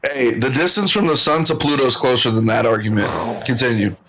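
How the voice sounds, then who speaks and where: A man's voice: medium pitch, animated, brisk, a crowd in the background, rough recording. A man co-hosting a casual sports podcast, brash and boastful, trash-talking and daring others to argue. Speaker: podcast co-host.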